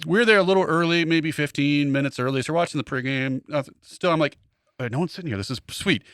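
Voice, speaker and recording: A man's voice: a little high, fast talker, clear, resonant tone, dry recording, studio quality. A man co-hosting a podcast, a comedian telling a story in casual chat, acting out the quotes. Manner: animated, acts out quotes in other voices.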